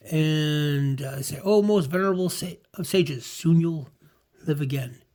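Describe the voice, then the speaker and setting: A man's voice: medium pitch, mellow. A man casually reading through an old comic, summarizing panels and praising the art with many fillers. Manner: rambling, full of fillers. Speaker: comic book reviewer.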